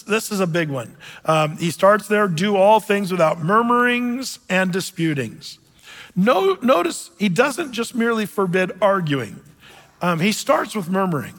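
A man preaching a casual, conversational sermon in a church sanctuary, with many fillers, sometimes dropping low and soft to act out grumbling. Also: big-room sound. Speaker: pastor.

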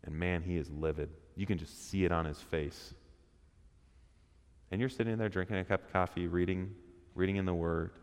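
Speaking at normal speed with a low, steady, clean voice, a man leads an interactive sermon for a men's church group in a reverberant hall. He talks conversationally, questions the room, and acts out quotations.

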